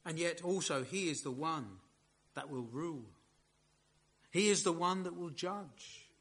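A man preaching a sermon in a measured, emphatic way, leaning hard on key words. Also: fairly high pitch, a bit bright, slightly rough.

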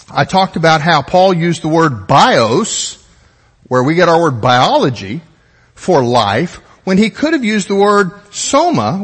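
Male pastor, teaching sermon; high, animated delivery, long hall reverb. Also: husky. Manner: explanatory, methodical, conversational asides.

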